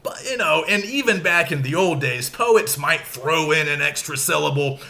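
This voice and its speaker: A man teaching a recorded lecture, explaining slowly and stressing syllables aloud to show the rhythm. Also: fairly high pitch, animated, gravelly, pushed and bright.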